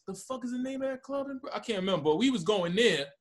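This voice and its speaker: A man's voice: high-pitched, expressive, fast talker. A man, animatedly telling a story with lots of swearing in casual podcast talk. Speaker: podcast co-host.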